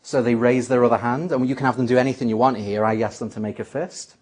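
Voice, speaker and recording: A man's voice: medium pitch, fairly even intonation, fast, a little mellow. A man teaching a magic trick step by step, acting out the lines he says to a volunteer. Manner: explains step by step, acts out his patter lines. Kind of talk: spoken tutorial.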